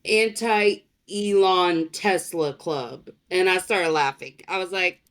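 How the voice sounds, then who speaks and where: A woman's voice: on the low side, takes it slowly. Candid, swearing woman in podcast chat. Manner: candid, expressive, swears freely. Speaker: podcast guest, author. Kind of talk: casual podcast conversation.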